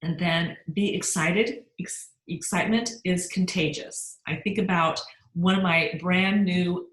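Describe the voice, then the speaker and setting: A middle-aged woman with a somewhat low voice gives an upbeat sales training talk. She often turns to her listeners with questions. The sound has a roomy echo around it. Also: fairly even intonation, unhurried. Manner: upbeat, asks the audience questions.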